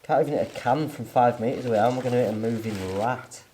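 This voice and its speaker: A young man vlogging alone in a tunnel at night, talking quietly to his camera and keeping his voice down. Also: medium pitch, quick pace, noisy background. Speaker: outdoor vlogger. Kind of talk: solo camping vlog, talking to camera. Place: inside a disused tunnel at night. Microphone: handheld camera.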